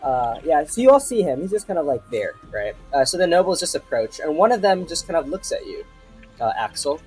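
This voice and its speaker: A man's voice: on the high side, big pitch swings, fairly quick, darkish tone, soft background music, low-quality recording. A man narrating a tabletop role-playing game as its game master, in a casual, hesitant way with many fillers.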